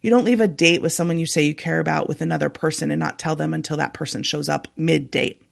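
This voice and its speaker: A woman's voice: sits low, steady tone, fast, gravelly. A woman hosting a podcast, talking earnestly and confessionally as a coach about her own relationships. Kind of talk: personal storytelling monologue.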